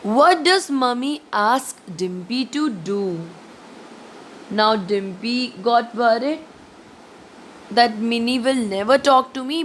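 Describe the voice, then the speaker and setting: Slow, questioning teacher. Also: female voice, a little high, a little hiss or hum. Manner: slow, questioning, addresses students directly. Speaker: school teacher. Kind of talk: classroom lesson.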